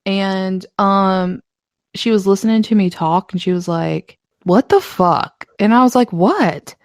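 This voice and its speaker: A woman's voice: medium pitch, fairly even intonation, normal speed, clear, resonant tone, dry recording, clean studio sound. A young woman with a light Southern US accent, co-hosting a podcast in casual, chatty talk and swearing freely. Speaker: podcast co-host.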